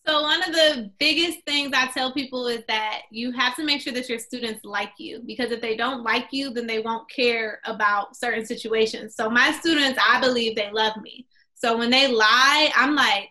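A young woman, a kindergarten teacher, telling animated stories in a casual podcast chat. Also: on the high side, moderate pace, few pauses. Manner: animated storytelling with quoted voices.

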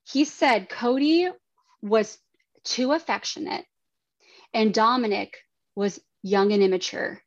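A woman in her thirties shares her own story as a podcast guest, speaking in an earnest, halting way. Her voice carries a gravelly fry. The recording is dry, with little room sound, and a bit dull. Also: on the high side, expressive, dry recording. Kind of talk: personal testimony in a podcast interview.

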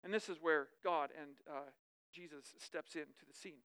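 A woman preacher giving a conversational sermon, lively and chatty, often checking in with her listeners. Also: low-pitched, normal speed, smooth.

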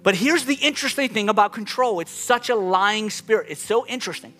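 A man's voice: high-pitched, expressive, a little fast, few pauses, pushed and bright, faint music behind. A man preaching a sermon as pastor, emphatic, his voice rising and dropping with the point he makes. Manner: emphatic, rising and falling dynamically.

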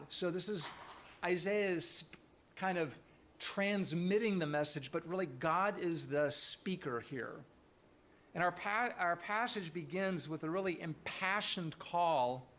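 A man's voice: on the high side, fairly bright tone. A man preaching a sermon to his congregation, earnest and thoughtful, often restarting his phrases. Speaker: pastor.

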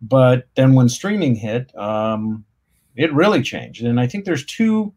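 A man's voice: medium pitch, big pitch swings, a little slow, darkish tone. A man guest on a podcast, explaining things casually with hesitant restarts. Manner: explanatory, many fillers and restarts.

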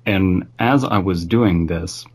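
A man's voice: sits low, takes it slowly, darkish tone, husky. A man reading a creepy story aloud in an offhand, amused way, stopping to comment on it.

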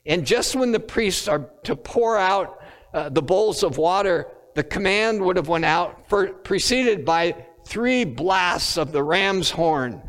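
A man preaching a sermon, pausing often on fillers and lifting his voice when quoting scripture. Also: high-pitched, animated, a bit bright, in a large hall. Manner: halting, many filler pauses, rising on quoted scripture.

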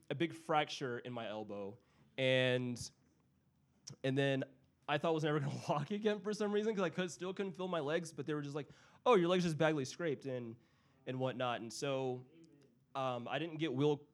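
A young man telling a personal story in casual chat, animated and full of fillers, acting out family members' voices. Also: medium pitch, normal speed.

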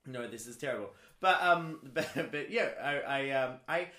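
A man co-hosting a casual comedy podcast, talking with lively ups and downs and many fillers. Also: mid-range voice, a little hiss or hum. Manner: lively, drawn-out delivery with frequent fillers. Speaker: podcast co-host. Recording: echoey room.

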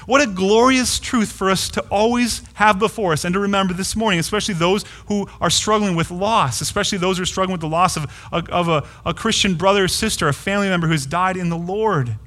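A man's voice: high voice, a little fast, bright, forceful tone. A pastor giving a sermon, earnest and emphatic, repeating key phrases to drive his point home. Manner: earnest, emphatic preaching with repetitions.

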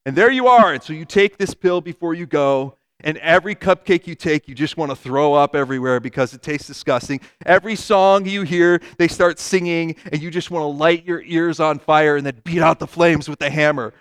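A man preaching a conversational sermon, animated, acting out everyday quotes and vivid hypotheticals. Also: on the high side, brisk, few pauses, clean tone.

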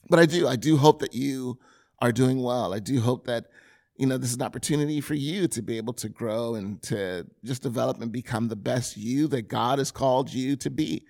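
A man's voice: medium pitch, moderate pace, darkish tone. Earnest Californian man, pastor podcast host. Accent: Californian English. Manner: earnest, conversational, with self-deprecating humor. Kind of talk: podcast intro talk.

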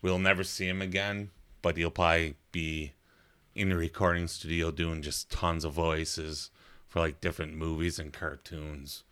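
A man with a very low voice and a bright, forceful edge to it, talking casually with friends. He tells stories with animation and now and then slips into cartoon voices. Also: little pitch movement, normal speed, smooth. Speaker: podcast co-host. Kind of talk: casual chat.

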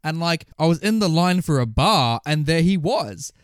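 A man co-hosting a casual podcast chat, telling stories with jokes and quick asides. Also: fairly high pitch, clean tone, no echo, clean studio sound. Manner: animated storyteller, quick and joking. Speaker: podcast co-host.

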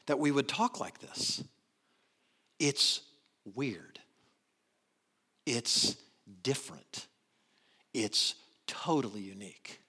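A man preaching a sermon in an animated way, swinging between loud emphasis and quiet asides. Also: mid-range voice, takes it slowly, pauses often, breathy edge. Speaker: pastor.

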